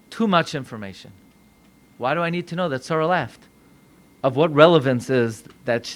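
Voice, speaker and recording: An American man, a rabbi, preaching a sermon with animated delivery, acting out voices in dialogue. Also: high-pitched. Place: synagogue.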